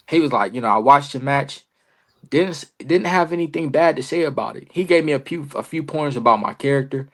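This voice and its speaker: Speaking fast at a medium pitch, a young wrestler on a podcast spins an animated story full of slang, performing the dialogue as he quotes it.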